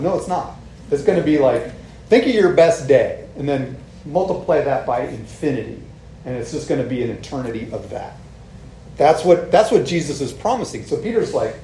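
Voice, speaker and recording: A man's voice: mid-range voice, lively intonation, a little fast, warm tone. A man preaching a sermon in a casual, conversational way, often asking "right?" to the congregation. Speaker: pastor. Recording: echoey room with faint ambient noise.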